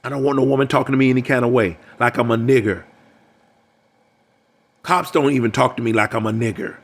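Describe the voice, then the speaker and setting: A man's voice: mid-range voice, fairly even intonation, brisk, long pauses. Older man, emphatic relationship coach, preachy monologue, repeats himself. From United States.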